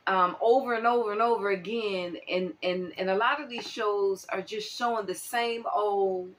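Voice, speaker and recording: A woman from the United States talking through a casual monologue as a channel host, animated and exclaiming, with many fillers. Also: medium pitch, moderate pace, few pauses.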